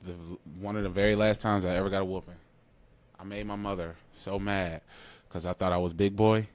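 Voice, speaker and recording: A man, co-hosting a podcast in casual chat, animated and laughing as he acts out quotes. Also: mid-range voice, moderate pace, no room sound. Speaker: podcast co-host.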